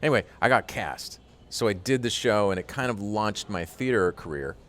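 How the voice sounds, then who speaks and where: Low-voiced man telling stories with fillers. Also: normal speed. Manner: animated storyteller with frequent fillers. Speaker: interview guest, voice actor. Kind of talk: casual interview chat.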